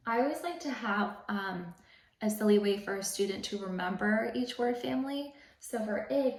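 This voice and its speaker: A woman's voice: mid-range voice, vocal fry, darkish tone. Roomy-sounding teacher woman explaining patiently. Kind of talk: instructional explanation to parents. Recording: roomy, slightly distant mic.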